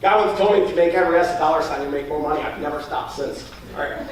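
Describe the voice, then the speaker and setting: A man who talks fast while teaching a sales class, acting out his pitch to clients and often checking in with "all right?". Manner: fast-talking, keeps asking "all right?". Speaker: sales trainer. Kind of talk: training talk with role-played sales pitch. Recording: very echoey room from far off, faint noise.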